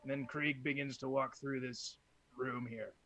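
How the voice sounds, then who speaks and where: A man's voice: medium pitch, fairly even intonation, measured pace, a bit bright, a little hiss or hum. A man playing a tabletop game, describing his actions in a playful, jokey way. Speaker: player. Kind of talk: casual tabletop game play.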